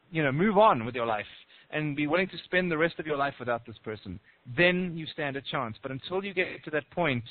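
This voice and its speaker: A man's voice: mid-range voice, no echo. A man coaching on relationships in casual talk, telling a story and briefly acting out small voices. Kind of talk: casual advice on a call. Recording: tinny phone line.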